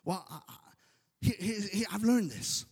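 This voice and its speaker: A man preaching a sermon with passion, swinging from shouts to hushed softness and peppering his talk with amens. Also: high voice, lively intonation, normal speed, slightly rough. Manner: impassioned, swings between shouting and soft hushed delivery; repeats amen often, stammering restarts. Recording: long hall reverb.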